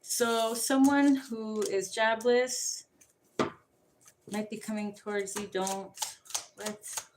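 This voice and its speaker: A woman's voice: mid-range voice, fairly even intonation, takes it slowly, pauses often, noisy background. Rambling, profane woman reading tarot. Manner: rambling, profane, jumps between topics. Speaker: tarot card reader. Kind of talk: rambling casual livestream chat.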